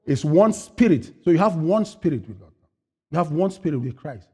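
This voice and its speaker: Here a man preaches as pastor, quizzing his congregation and supplying the answers on his own, moving from high, loud bursts to hushed asides. He sounds expressive and slightly rough, keeping a moderate pace.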